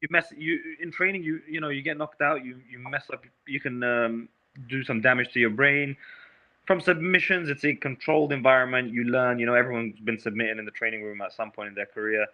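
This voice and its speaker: A man's voice: medium pitch, fairly quick, lo-fi sound. A young man, a fighter, answering questions in a casual video-call interview, speaking emphatically and often calling the host bro. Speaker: MMA fighter.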